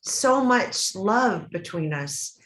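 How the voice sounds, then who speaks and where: Middle-aged woman guest, earnest and emotional storyteller with halting restarts, mid pitch, echoey hall. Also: lively intonation, a bit bright. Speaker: interview guest. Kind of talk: personal storytelling in an interview. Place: event stage or hall. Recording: roomy, echoey room.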